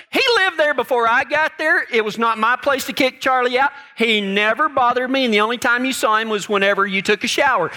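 A male preacher delivers a sermon as a loose, folksy story with a high, bright voice. He repeats words as he goes and checks in with his listeners. The talk stays conversational rather than formal. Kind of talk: sermon with folksy personal stories.

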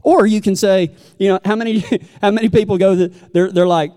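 His voice sits high and mellow, with fairly even intonation and a brisk pace, as this Texan preacher spins folksy stories and voices the people in them. A long hall reverb surrounds him.

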